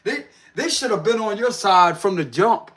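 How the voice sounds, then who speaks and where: A man's voice: sits high, lively intonation, moderate pace, fairly bright tone. A man doing a casual livestream tarot reading, slangy and laughing often as he talks to viewers. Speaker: tarot reader.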